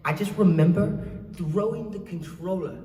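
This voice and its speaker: A man in his thirties with a New Zealand accent, telling lively stories as a guest on a convention panel. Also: sits high, moderate pace. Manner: lively, laughing, acts out voices. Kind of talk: animated storytelling. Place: large convention hall. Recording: echoey hall from far off.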